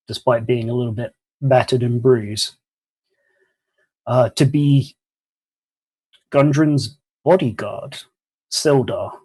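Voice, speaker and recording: A man narrating as game master of a tabletop game, relaxed and rambling. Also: mid-range voice, slightly rough, rough recording.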